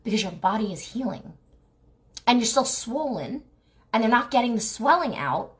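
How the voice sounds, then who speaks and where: Animated woman giving frank advice. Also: a little high, normal speed. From New Jersey, United States. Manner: animated and exasperated, rhetorical questions, frequent "like" and "right?". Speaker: clinic owner and lymphatic massage therapist. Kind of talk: casual talking-head advice video.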